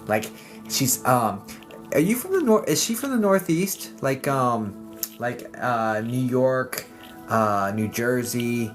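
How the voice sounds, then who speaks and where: A man's voice: medium pitch, animated, slow pace. A man speaking as a psychic medium on a casual livestream, rambling and chatty with many fillers and laughs. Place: home livestream setup. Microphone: streaming mic. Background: soft background music.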